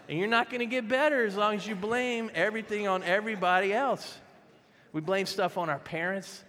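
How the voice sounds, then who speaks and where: A man's voice: high-pitched, brisk, pushed and bright. A man preaching a sermon, speaking emphatically and directly to his congregation, acting out the people in his stories. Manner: acts out quoted voices in stories. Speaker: pastor. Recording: long reverb of a large hall.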